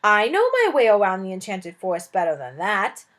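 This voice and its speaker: A woman voicing a grumpy, impatient dragon who speaks slowly with a put-on accent. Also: mid-range voice, huge pitch swings, a bit bright. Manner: slow drawling delivery with a put-on accent.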